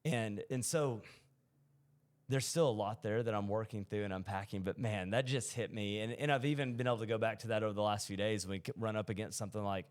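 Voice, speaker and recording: A man co-hosting a faith podcast, telling personal stories in a casual, animated way with lots of restarts. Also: fairly low pitch, quick pace. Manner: storytelling, animated, many restarts. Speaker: podcast co-host.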